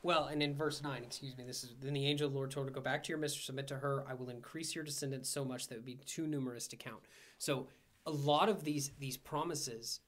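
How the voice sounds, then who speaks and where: A man's voice: mid-range voice, steady tone, quick pace. A man co-hosting a church Bible study, reading scripture aloud and explaining it in a thoughtful, conversational way.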